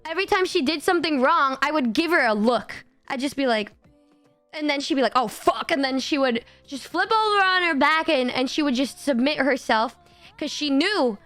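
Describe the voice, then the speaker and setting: A young woman streamer chatting casually with her viewers, animated and swearing, often breaking into laughs. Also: high-pitched, moderate pace, no room sound, soft background music.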